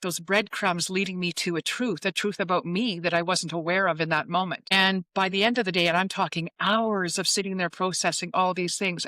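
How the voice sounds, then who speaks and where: Appearing as an interview guest, a psychic medium in her fifties recounts a personal story in a somewhat low voice, recorded without echo. She's an animated storyteller who performs the dialogue she quotes.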